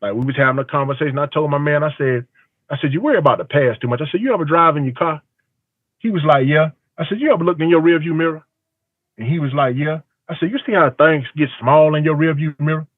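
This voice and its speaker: Casting: man with a fairly high voice, emphatic storyteller, tinny phone line. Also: fast, no room sound. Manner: storytelling with quoted dialogue, emphatic. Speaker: barber. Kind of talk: call-in testimony. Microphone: phone call.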